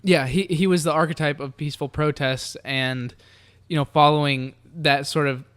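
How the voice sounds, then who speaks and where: A young man from the Southern United States co-hosts a casual podcast chat, with a smooth, slightly high voice. He rambles hesitantly, restarting his sentences and leaning on fillers while he works out his thoughts. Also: steady tone, moderate pace, fairly bright tone. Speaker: podcast co-host.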